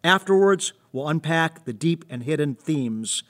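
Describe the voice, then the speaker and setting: Male host, slightly high voice, reflective and preacherly, scripted intro. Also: lively intonation, a little slow.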